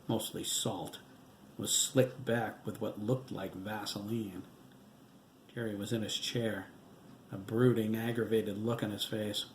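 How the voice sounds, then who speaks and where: A man reading his own novel aloud as the narrator, in a steady, measured way. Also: on the low side, echoey room, slight background noise. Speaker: author and audiobook narrator. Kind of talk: audiobook narration.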